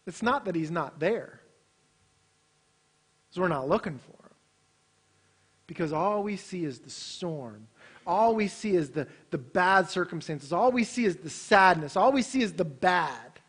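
A man preaching a sermon, swinging from loud, emphatic bursts to hushed, quiet passages. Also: a little slow, pauses often, breathy edge. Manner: animated, swings between loud emphasis and hushed low delivery.

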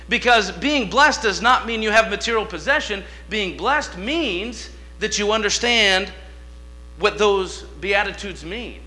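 A man preaching a sermon, telling folksy stories and swinging between quiet asides and loud, emphatic lines. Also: high-pitched. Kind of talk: sermon with storytelling.

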